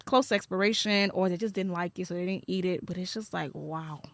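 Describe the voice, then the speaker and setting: Casting: young woman host, lower voice, easy conversational storyteller. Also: fairly quick. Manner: conversational, retelling stories with quoted voices. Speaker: podcast host. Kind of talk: casual chat.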